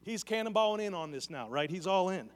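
High-voiced pastor preaching in a reverberant church. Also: male voice, animated, fairly quick. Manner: earnest, questions the congregation directly. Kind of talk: sermon. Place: church sanctuary. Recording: long reverb of a church hall.

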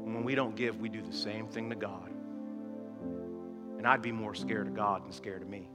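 A man preaching a sermon as a pastor, building to loud, impassioned exhortation. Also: fairly even intonation, moderate pace. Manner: preaching that swells to loud high-pitched exhortation. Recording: echoey hall with music behind.

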